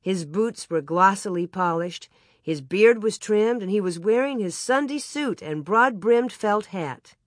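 Calm audiobook narrator, dry close sound. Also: medium pitch, measured pace, no room sound. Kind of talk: storybook narration.

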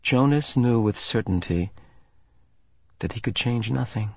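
A man narrating an audiobook in a measured, calm manner. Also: medium pitch, vocal fry, slightly rough, dry recording, studio quality.

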